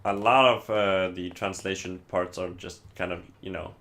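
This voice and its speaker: A man's voice: deep voice, steady tone, takes it slowly, pauses often, pushed and bright. A man from Iceland, a native Icelandic speaker, giving casual gameplay commentary in English, hesitant and rambling with many fillers. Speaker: streamer playing a game.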